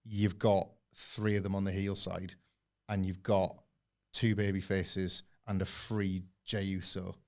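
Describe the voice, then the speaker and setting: A man's voice: deep voice, level tone, unhurried. A man, co-hosting a podcast with enthusiastic, rambling analysis. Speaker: podcast co-host. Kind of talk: casual review chat.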